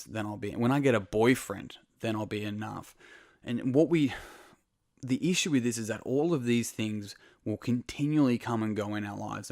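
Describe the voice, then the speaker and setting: A man's voice: on the low side, dry recording, studio quality. Casual, swearing man giving a pep talk. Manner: earnest, speaks straight to the listener. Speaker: podcast host. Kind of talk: motivational monologue.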